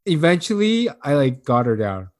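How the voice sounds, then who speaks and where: His pitch swings widely as this man, at a moderate pace, tells a long, wandering, profane story on a casual podcast. He often laughs and delivers quotes in a raised voice.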